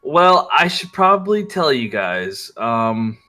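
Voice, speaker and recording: A man narrating as game master of a tabletop game, animated, often stumbling and restarting his sentences. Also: medium pitch, slow pace.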